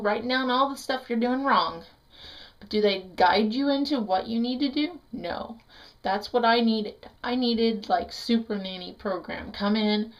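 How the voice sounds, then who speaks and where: A middle-aged woman talks straight to the camera about something painful. Her speech is halting and raw, full of restarts and sudden bursts of bitterness. Her pitch sits in a plain middle range. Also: low-quality recording. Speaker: vlogger. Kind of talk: emotional personal story vlog.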